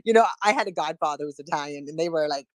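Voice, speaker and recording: A woman's voice: low-pitched, very fast, no room sound. A woman hosting a casual online chat, friendly and rambling, with many fillers. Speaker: host.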